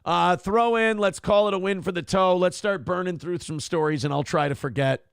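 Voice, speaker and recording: Male livestream host, gravelly voice, somewhat high pitch, profane rambling commentary, dry close sound. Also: normal speed, no room sound. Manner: profane, rambling, mocking, reads donor messages.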